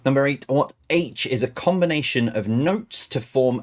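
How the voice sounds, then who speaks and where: A man hosting a livestream quiz, reading questions slowly between rambling, chatty asides. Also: medium pitch. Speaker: quiz host.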